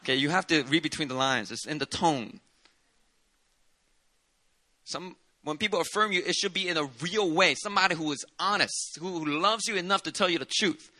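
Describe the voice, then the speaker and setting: A man's voice: a little high, moderate pace, pushed and bright. A man preaching a sermon as a pastor, talking in a loose, conversational way with colorful asides. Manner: conversational preaching with dramatic asides and Southern "y'all".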